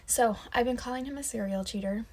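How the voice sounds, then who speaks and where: A woman's voice: on the high side, a little fast, darkish tone. A young woman telling a casual story time, dramatic and mock-serious. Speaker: vlogger.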